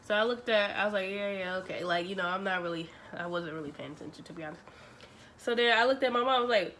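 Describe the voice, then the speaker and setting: A young woman, telling a story to her vlog audience in a chatty, animated way, acting out the dialogue. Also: mid-range voice, brisk. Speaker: vlogger. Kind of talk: casual storytelling.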